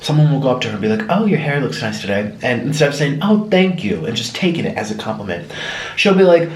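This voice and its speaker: A man's voice: mid-range voice, very animated, fast. A young man vlogging in a casual, rambling monologue, often mimicking other people in a raised voice. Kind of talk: casual monologue while eating. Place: home room. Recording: echoey room.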